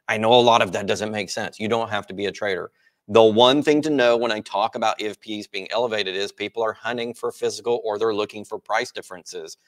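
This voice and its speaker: A man hosting a market report, explaining charts in a casual, explanatory way. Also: fairly low pitch. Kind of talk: financial market commentary.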